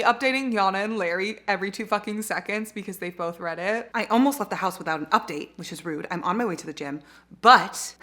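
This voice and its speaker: Bright, gushing young woman vlogger. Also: mid-range voice, a little fast. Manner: gushing, excitable, swears freely. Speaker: reading vlogger. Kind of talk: casual vlog chat.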